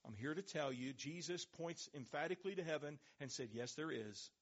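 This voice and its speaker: A pastor delivering a sermon in a slightly raised voice. He leans into words for emphasis, stretches them out slowly and lets his voice sink low as each point closes. The recording sounds dull and lo-fi. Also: lively intonation, slightly rough. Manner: emphatic preaching, slows and drops low on key words.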